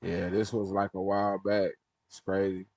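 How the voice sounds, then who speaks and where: A man hosting a livestream chats casually, in slang, with halting restarts. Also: low-pitched, little pitch movement, darkish tone, no echo, lo-fi sound. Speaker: livestream host reacting to videos. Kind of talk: casual chat.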